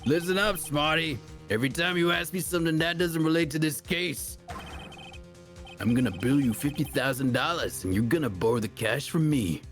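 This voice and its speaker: A man's voice: fairly high pitch, lively intonation, moderate pace, faint music behind, close to an everyday voice. A man voicing a menacing, boastful male loan-shark mobster in a put-on Brooklyn accent, full of tough-guy slang. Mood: threatening. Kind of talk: voicing a game character on stream.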